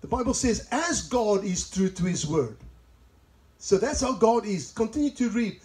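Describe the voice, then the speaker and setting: High-voiced South African pastor, mellow tone. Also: male voice, lively intonation, moderate pace, low-quality recording. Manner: chatty, laughs at own asides. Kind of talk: sermon with personal stories. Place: church service in a greenhouse.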